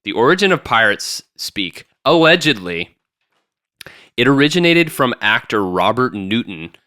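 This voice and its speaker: A young man co-hosting a casual podcast, talking in an animated, jokey way with lots of restarts. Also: mid-range voice, measured pace, no room sound, studio quality. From Tampa, Florida. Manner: animated, jokey, jumps in often, many restarts. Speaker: podcast co-host. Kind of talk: casual chat.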